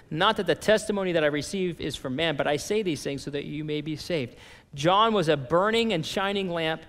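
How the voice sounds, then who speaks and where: Man, pastor, sermon, high pitch, long church reverb. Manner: animated preaching, quoting scripture.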